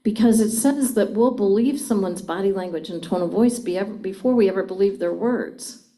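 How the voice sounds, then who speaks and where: A woman's voice: medium pitch, fairly quick, warm tone. A middle-aged woman giving a live seminar talk on communication, engaging the audience with frequent questions. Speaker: communication speaker.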